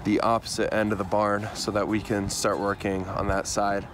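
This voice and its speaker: A man's voice: on the low side, level tone, moderate pace. A man hosting a vlog with a groggy morning voice, explaining the day's work plainly outdoors on a farm. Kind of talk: casual vlog narration. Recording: noisy outdoor camera audio. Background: clear background noise.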